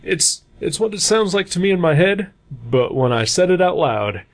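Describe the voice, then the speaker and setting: A man's voice: sits high, very animated, normal speed. A man co-hosting a casual comics podcast, talking in a rambling, hesitant way with many fillers. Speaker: podcast co-host.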